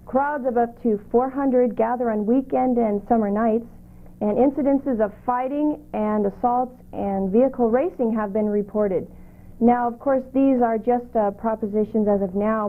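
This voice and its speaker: A woman reading the local news, weather and lottery numbers in a steady, measured way on a community cable show. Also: on the high side. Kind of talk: read local news segment. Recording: tinny lo-fi videotape audio.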